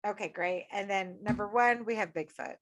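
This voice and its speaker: A woman's voice: mid-range voice, moderate pace, fairly bright tone. A woman from upstate New York co-hosting a casual horror podcast, loose and joking with blunt swearing. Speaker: podcast co-host.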